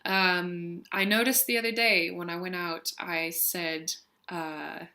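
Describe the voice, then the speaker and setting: A woman's voice: on the low side, steady tone, slow, sharp tone. A young woman vlogger who reads out a word list and a poem, then chats with frequent ums and laughs. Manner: chatty, laughs often, many ums. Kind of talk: reading a word list and poem, casual chat.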